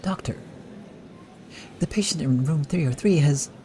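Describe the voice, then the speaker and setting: A man voicing a worried female nurse in a game, in a high, uneasy voice. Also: unhurried, warm tone, a little hiss or hum, natural voice.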